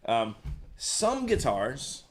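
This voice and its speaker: A man's voice: mid-range voice, drawn-out words, a little hiss or hum. A man co-hosting a guitar shop live stream, chatting casually about gear and reading viewer comments aloud. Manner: relaxed, rambling, lots of fillers and restarts.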